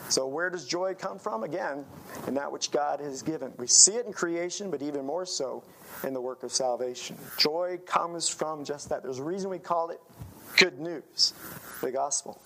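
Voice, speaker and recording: A man's voice: fairly high pitch, gravelly, pushed and bright, slight background noise, poor audio. A male preacher giving a sermon, counting off his points emphatically and quoting scripture as he goes.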